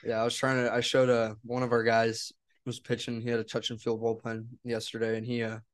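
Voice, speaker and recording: A young man who pitches and coaches baseball, talking in a laid-back way in casual chat. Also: monotone, a little fast. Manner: laid-back, says "dude" a lot.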